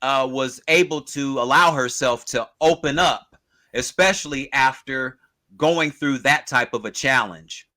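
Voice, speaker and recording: A man co-hosting a podcast in casual chat, agreeable and measured, often laughing along. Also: mid-range voice, sharp tone. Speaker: podcast co-host.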